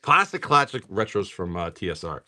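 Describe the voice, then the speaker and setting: A man's voice: sits low, very animated, bright, forceful tone. A middle-aged man casually chatting while opening card packs live, rattling off card names and talking to buyers. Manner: rapid card name listing, chatty asides to buyers. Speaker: live stream card seller. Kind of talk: casual pack-opening commentary.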